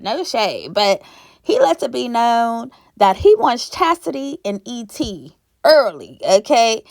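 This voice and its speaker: A woman's voice: a little high, no room sound, clean studio sound. A young woman from Pennsylvania recapping a reality show in a sassy, gossipy, casual way, laughing often.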